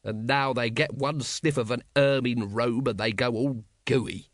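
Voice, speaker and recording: A male narrator voicing a gloomy, exasperated watch captain who shouts in disbelief. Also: medium pitch, steady tone, a little slow, dry recording, clean studio sound, lightly acted. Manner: exasperated outbursts.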